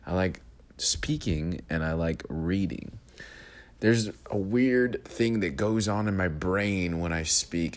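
A man with a very low, deep voice hosts a solo podcast. He talks through his thoughts in a reflective way, speaking his mind and keeping a steady rhythm to his speech. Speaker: podcast host.

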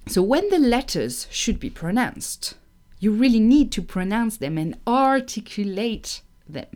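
A young woman from France with a French accent, a native French speaker, giving an emphatic, animated online lesson on pronunciation. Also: on the high side, unhurried. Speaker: French teacher.

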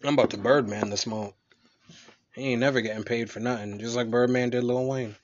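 A young man co-hosting a casual podcast, swearing freely and joking with dark humor. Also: mid-range voice, steady tone, fairly quick. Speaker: podcast co-host. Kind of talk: explicit casual chat. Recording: dull lo-fi recording.

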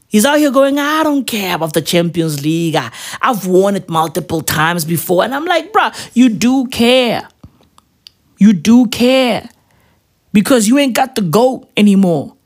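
A woman's voice: medium pitch, darkish tone. A woman doing a comedic rant in crude, slang-heavy, repetitive street-bro talk.

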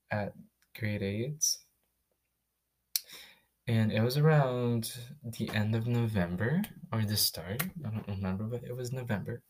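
Candid, profane young man from the Philippines. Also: on the low side. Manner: casual, profane, candid, with quick restarts. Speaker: podcast host. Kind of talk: personal storytelling podcast.

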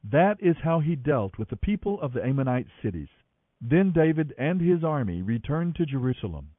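Animated male Bible reader on tinny radio. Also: a little high, normal speed, dry recording. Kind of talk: scripted Bible narration. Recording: tinny phone-like radio line.

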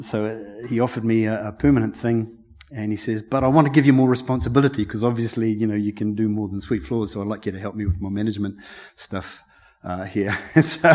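Middle-aged kiwi guy telling his church a story, chatty, laughs a lot, gets a bit teary. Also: medium pitch. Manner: warm, chatty, laughs often, emotional. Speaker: lay preacher. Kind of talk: personal testimony before a sermon.

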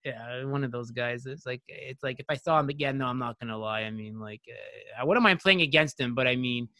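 A man who is a guest and airline pilot, telling stories in a casual podcast chat. He is animated and profane, and he acts out other people's voices. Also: medium pitch, brisk, no echo, clean studio sound.

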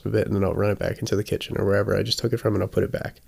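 Male dog trainer, deep and gravelly, easygoing teaching style with lively acted-out examples. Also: rapid-fire. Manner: chatty, often checks in with "right?"; acts out examples with sudden bursts. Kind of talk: casual teaching talk.

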